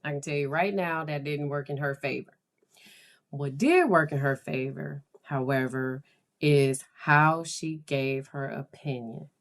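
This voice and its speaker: A woman with a low-pitched voice talks through a casual podcast monologue, drifting from one anecdote to the next. She speaks like a counselor and laughs often. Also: measured pace. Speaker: counselor and blog host.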